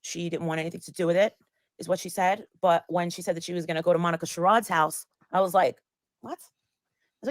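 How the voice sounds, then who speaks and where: A woman's voice: fairly low pitch, quick pace, dry recording. A woman telling a story in casual chat, rambling and acting out the lines of the people in it. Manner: rambling, acts out quoted lines. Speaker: guest storyteller.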